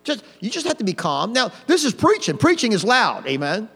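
Booming preacher in a reverberant hall. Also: male voice, wildly swooping pitch, brisk, gravelly, breathy edge. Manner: swings from quiet to loud, mocking asides. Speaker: pastor. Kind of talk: old-fashioned hellfire sermon.

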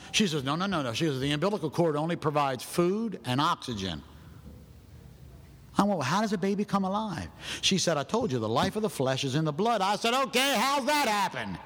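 A man preaching a sermon in a folksy storytelling manner that builds to shouting. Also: fairly high pitch, big-room sound. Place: church.

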